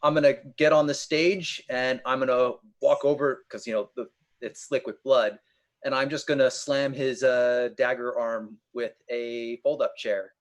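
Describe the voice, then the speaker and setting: A man's voice: mid-range voice, fairly even intonation, a little slow. A man playing a tabletop game, joking and thinking aloud. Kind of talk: casual chat.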